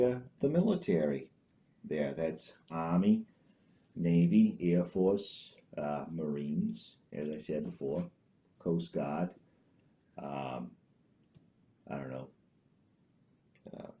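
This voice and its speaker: A man hosting a homemade comedy talk show, rambling and deadpan, constantly hesitating with uh and um. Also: a bass voice. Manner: hesitant, full of uh and um, restarts. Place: small home studio with green screen.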